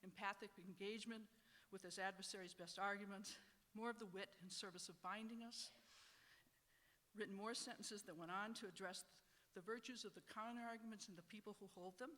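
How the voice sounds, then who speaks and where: A middle-aged law professor from Wisconsin giving prepared panel remarks in a wry, measured, reflective way. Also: mid-range voice, steady tone, pushed and bright, in a large hall.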